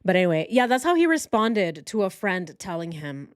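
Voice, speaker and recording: A woman hosting a true crime channel, reading text messages aloud with indignant, sarcastic commentary into a boom-arm microphone. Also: very animated, normal speed, dry recording, clean studio sound.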